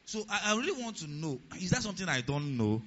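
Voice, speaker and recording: Lively preacher, bright tense voice. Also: male voice, fast. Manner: rhetorical questions to the congregation; acts out quoted speech in a lower voice. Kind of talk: sermon. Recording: dull lo-fi recording.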